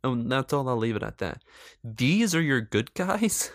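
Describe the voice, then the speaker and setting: A man's voice: medium pitch, very animated, a little slow, dry recording, studio quality. A man giving casual, sarcastic movie commentary, swearing freely and laughing often. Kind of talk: casual film review commentary.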